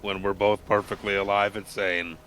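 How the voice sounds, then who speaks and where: A man with a lowish voice taking part in a tabletop game, bantering in character. He is wry and playful, tossing off dry jokes and quick questions. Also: level tone, fairly bright tone. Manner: joking, wry, quick with asides. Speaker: player. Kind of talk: in-character role-play banter.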